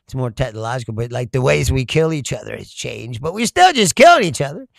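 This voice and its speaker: A man's voice: mid-range voice, sing-song, fast talker, vocal fry, a bit bright, no room sound, clean studio sound. A man hosting a casual comedic political talk, rambling and profane, breaking into laughter often. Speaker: political commentary host.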